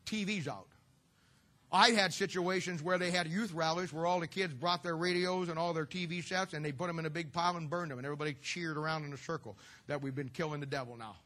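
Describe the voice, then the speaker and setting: A man's voice: a little high, pushed and bright. A middle-aged man preaching a humorous sermon to a church audience, telling stories with folksy, sarcastic asides.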